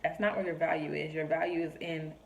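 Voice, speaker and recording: A young woman vlogger speaks earnestly to camera about her faith, encouraging listeners and acting out the voices of people she quotes. Her low voice stays level and has vocal fry, and she talks fast in this heartfelt personal reflection. The recording is rough, with a little hiss or hum.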